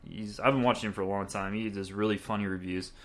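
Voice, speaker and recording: A young man hosting a podcast, giving a rambling, excitable movie review and laughing often. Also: on the low side, fast. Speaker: podcast host.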